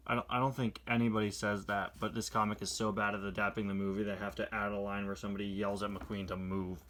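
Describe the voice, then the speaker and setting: Brief: male toy reviewer, sharp bright tone, sarcastic exasperated commentary, snaps into quick character voices. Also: fairly low pitch, completely flat delivery. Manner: reads captions aloud in quick put-on voices. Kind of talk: casual comic book review.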